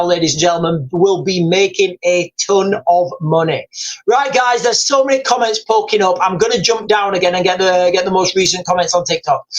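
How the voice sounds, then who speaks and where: On a rough recording, this high-voiced man runs a live news commentary stream. He wanders from point to point, says things more than once, guesses out loud, and reads headlines and viewer comments from the screen.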